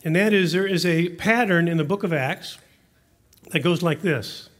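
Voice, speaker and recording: A man, preaching a sermon as pastor, earnest and hushed when he prays. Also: a little high, moderate pace.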